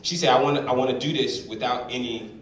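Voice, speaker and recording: A man's voice: mid-range voice, quick pace. A man telling stand-up stories and acting out the voices of the people in them. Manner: animated storytelling, acts out voices. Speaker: stand-up comedian. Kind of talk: stand-up comedy. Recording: roomy hall from a distance, loud crowd.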